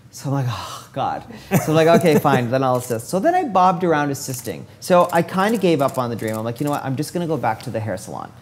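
This fast-talking man in his forties has a mid-range voice and works as a hair stylist. He's a lively storyteller, voicing the quoted dialogue as he walks through his career in a relaxed interview, with a little hiss or hum in the background.

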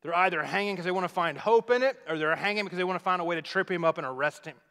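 A man preaches a sermon, walking his listeners through a scripture story in a relaxed, conversational way. His voice sits a little high for a man. The sound carries a long reverb from the large church hall around him. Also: rapid-fire, clean tone. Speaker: pastor.

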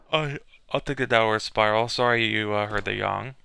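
Low, gravelly-voiced gamer man. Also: bright, forceful tone, dry recording. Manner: hesitant, many fillers, reads on-screen text aloud. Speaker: gamer playing a video game. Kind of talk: casual let's-play commentary.

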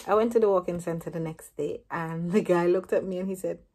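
A woman in her thirties telling a personal story to camera as a vlogger, lively and acting out what each person said. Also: on the low side, a little fast, breathy edge. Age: 30s.

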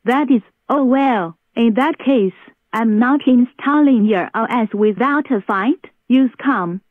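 A woman's voice: fairly high pitch, takes it slowly, no echo. A synthetic female text-to-speech voice playing a defiant, exasperated computer user in a cartoon. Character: annoyed computer user fighting a forced install. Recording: dry tinny phone-like audio.

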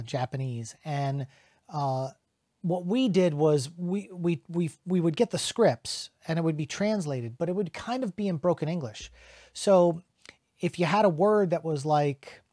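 A middle-aged man who is a voice actor, chatting casually to camera in an animated way and slipping into quick character voices. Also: a little high, no echo, studio quality.

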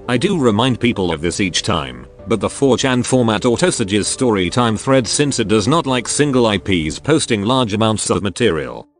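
A synthetic male text-to-speech voice narrating a story in a flat machine reading. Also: on the low side.

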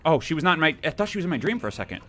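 Young male let's-player, bright and animated, gleefully taunting and yelling. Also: fairly high pitch, racing, slight background noise. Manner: playful taunting, excitable outbursts. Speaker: gaming YouTuber. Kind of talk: let's play commentary.

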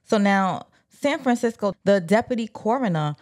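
A woman casually retelling an old scandal from a book, animated and slangy, talking straight to her viewers. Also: medium pitch, moderate pace. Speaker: book commentator. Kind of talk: casual storytelling.

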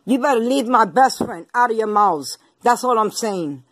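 Animated and on the high side, with a breathy edge, a woman vlogger delivers an angry rant to her viewers at normal speed. She taunts and confronts them in slang-heavy street talk, swearing and repeating lines. There's no room sound.

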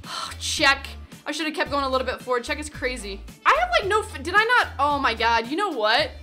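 A woman with a high, sharp, forceful voice calls her own football video game match live as a gaming host. She is excitable and yells encouragement and complaints at the players on screen. Faint music plays underneath. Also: a little fast. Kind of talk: live gameplay commentary.

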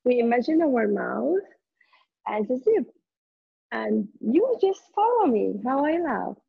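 A woman's voice: on the high side, very animated, slow, vocal fry, slightly rough, dry recording, narrow, tinny audio. A woman leading a group laughter yoga session over a video call, laughing often and encouraging everyone cheerfully.

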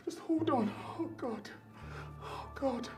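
An actor playing a worried husband, speaking with a Nigerian English accent in a tender, pleading way. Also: male voice, very high voice, slow. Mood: distraught. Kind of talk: film acting. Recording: film score under the voice.

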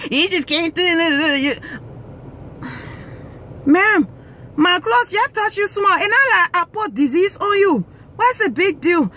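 A woman from Africa ranting in a casual monologue, animated and indignant, often repeating herself. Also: very high voice.

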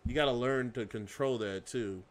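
A man's voice: mid-range voice, normal speed, crowd noise. A man in casual conversation, laid-back and slangy, swearing freely. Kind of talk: casual chat.

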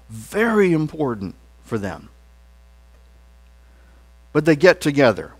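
In a church sanctuary, a pastor with a lively pitch delivers an earnest sermon. He leads the congregation in call-and-response declarations, his phrases rising emphatically and then trailing off softly.

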